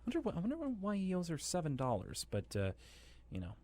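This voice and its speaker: A man co-hosting a podcast, recapping a cartoon in casual, animated chat with sarcastic asides. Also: a little high, a little fast. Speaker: podcast co-host.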